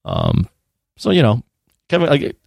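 A man's voice: mid-range voice, wildly swooping pitch, measured pace, gravelly, a little mellow, husky, no echo, clean studio sound. A man co-hosting a casual podcast chat, starting his points hesitantly.

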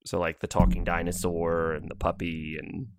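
A man's voice: sits low, monotone, moderate pace, background noise. A man in his thirties co-hosting a casual podcast, rambling with frequent laughs into a pop-filtered mic. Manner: laughs often, rambling asides. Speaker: podcast co-host.

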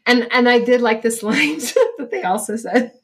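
A woman's voice: on the high side, normal speed, fairly bright tone. Chatty middle-aged woman co-hosting. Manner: chatty, laughs while reading aloud. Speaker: podcast co-host. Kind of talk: casual chat.

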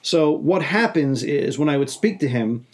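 A man's voice: fairly high pitch, expressive, normal speed, darkish tone. A middle-aged man co-hosting a podcast, chatting casually and telling stories with lots of jokes and laughs. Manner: jokey storyteller, laughs often. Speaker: podcast co-host. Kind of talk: casual chat.

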